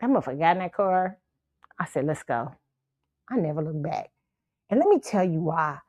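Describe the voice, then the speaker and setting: A woman hosts her own show and tells a story in a loose, profane style that keeps breaking into laughter. Her pitch swings widely from line to line. The sound is dry and close, with no room around her. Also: fairly quick, no room sound, dull audio. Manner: animated, profane, laughs often. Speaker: show host. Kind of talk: casual storytelling monologue.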